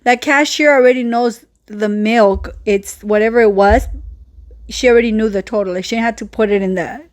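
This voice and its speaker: A woman's voice: fairly high pitch, normal speed. A woman co-hosting a podcast, telling a family story in casual chat and wandering into long explanations. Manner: rambling, over-explains asides. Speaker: podcast co-host.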